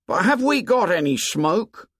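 A man voicing an anxious, short-sighted schoolboy who talks in a high, pleading, whiny way. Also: sing-song, unhurried, fairly bright tone, husky, no room sound, clean studio sound, heavily acted.

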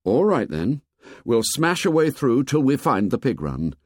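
Man playing an earnest boy chief, troubled, despairing edge, lively pitch. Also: unhurried, no room sound, studio quality.

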